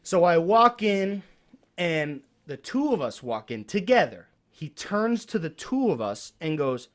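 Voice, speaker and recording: A man with a New York accent chats as a podcast co-host, his voice sitting a little high. He tells stories with lots of swearing and slips into other people's lines as he goes. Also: a little slow. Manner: animated storyteller, swears often, acts out other people's lines. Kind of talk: casual chat.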